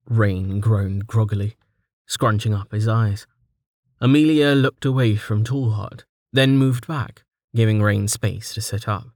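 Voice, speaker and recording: A male narrator reading a fantasy audiobook with a steady, unhurried delivery. His voice sits on the lower side and moves slowly, recorded close and dry with no room sound. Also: no echo.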